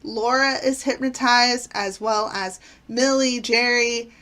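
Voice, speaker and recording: A woman's voice: fairly high pitch, fairly even intonation, slow, sharp tone. A woman casually reviewing favorite sitcom episodes, retelling plots with enthusiasm and frequent fillers. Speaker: channel host.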